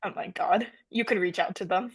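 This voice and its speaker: A woman's voice: mid-range voice, brisk, breathy edge. A young woman co-hosting a casual podcast, easygoing, swearing and laughing with a friend. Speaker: podcast co-host. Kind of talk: casual chat.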